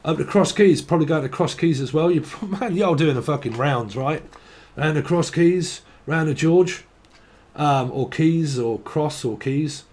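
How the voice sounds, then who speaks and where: A man's voice: on the high side, measured pace, darkish tone. A man giving a casual, rambling tarot reading, swearing and laughing between tangents. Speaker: tarot reader.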